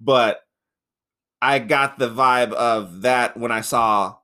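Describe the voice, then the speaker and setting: A man co-hosting a podcast reviews a movie in easygoing, profane, meandering chat, often laughing and mimicking characters in high voices. He speaks slowly with a sharp tone.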